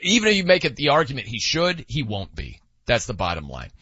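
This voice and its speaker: Animated sports radio host, man. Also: mid-range voice, a little fast, husky, no echo, dull audio. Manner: emphatic, animated, sarcastic asides. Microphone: studio microphone.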